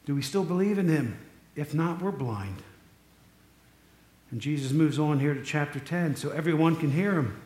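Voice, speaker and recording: Chatty pastor in an echoey hall. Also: male voice, a little high, lively intonation, normal speed, a little mellow. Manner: conversational, jokey asides to the congregation. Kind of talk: casual sermon.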